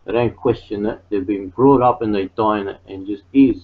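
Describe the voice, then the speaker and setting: A man's voice: on the low side, normal speed. A man in casual group chat, rambling on about religion's hold and calling others mate and man. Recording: tinny phone-like sound.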